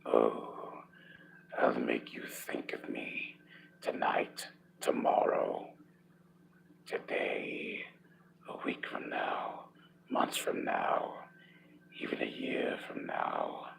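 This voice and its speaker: A man putting on a deep whispery heartthrob. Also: extremely slow, pauses often, fairly bright tone, exaggerated voice. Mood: seductive. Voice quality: breathy, whispery.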